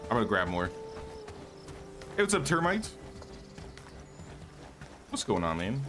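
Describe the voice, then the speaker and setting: Over music, a man casually talks through a live game stream, thinking aloud and greeting viewers. His voice is fairly low, very animated and unhurried, though slightly worn as he starts losing it.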